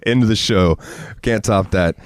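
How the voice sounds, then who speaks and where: A man's voice: on the low side, a little slow, slight background noise. A man co-hosting a gaming podcast in casual chat, rambling, laughing often and swearing freely. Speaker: podcast co-host.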